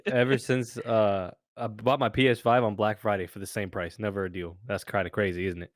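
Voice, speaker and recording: Tired low-voiced young man. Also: fairly even intonation, a little fast, no echo, clean studio sound. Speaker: podcast co-host. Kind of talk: casual chat.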